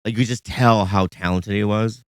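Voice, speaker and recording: A man in his fifties, a comedian guest trading playful, defensive banter in a casual podcast chat and breaking into high laughs. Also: fairly even intonation, moderate pace, smooth, no echo, clean studio sound. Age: 50s.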